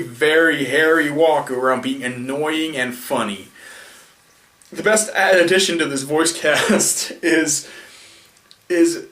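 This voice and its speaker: A man's voice: a little high, fairly bright tone. Tired man rambling through a film review. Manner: rambling, self-correcting, frequent restarts and fillers. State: tired late at night. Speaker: video reviewer. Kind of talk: casual spoken film review. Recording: roomy echo, mic at a distance.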